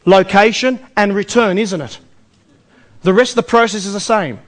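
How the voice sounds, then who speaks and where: A man's voice: high voice, normal speed. A man with an Australian accent giving a live investment seminar, energetically quizzing the audience with rhetorical questions. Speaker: seminar presenter.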